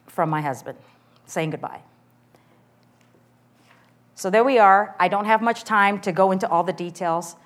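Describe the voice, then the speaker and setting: A middle-aged woman with a slightly low voice tells her own story in an earnest, candid way. She speaks as a church member sharing her testimony. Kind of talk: personal testimony.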